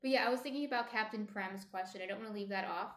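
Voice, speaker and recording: A New Jersey woman with a local accent chats casually on a baking livestream, replying to viewer comments. Her medium-pitched voice is a bit bright and she talks fast, with noticeable reverb.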